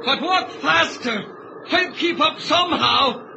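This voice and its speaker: An anxious man pushing through a snowstorm, played by an actor. His voice is very high and urgent, with clear hiss behind it. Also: takes it slowly, bright, forceful tone, heavily acted. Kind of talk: old radio drama acting. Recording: hissy old recording.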